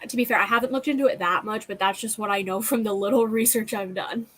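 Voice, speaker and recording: A woman's voice: medium pitch, fast, a bit bright, low-quality recording. A woman co-hosting a live chat show, rambling casually with lots of fillers. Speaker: livestream co-host, author.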